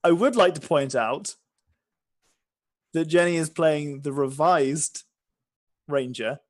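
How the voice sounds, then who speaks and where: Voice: mid-range voice, takes it slowly. A game master chatting casually at a tabletop game, joking, teasing and laughing often.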